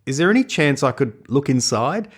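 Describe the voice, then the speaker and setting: Australian guy cohosting a podcast, telling a story all animated, voice swings up and down. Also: mid-range voice, fairly quick, slightly rough. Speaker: podcast co-host. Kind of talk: casual chat, storytelling.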